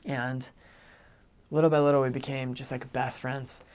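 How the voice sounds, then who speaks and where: A man's voice: medium pitch, moderate pace, clean tone. A young adult man, a returned missionary, telling a story in a casual, chatty way and saying "like" a lot. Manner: chatty, heavy use of "like", animated.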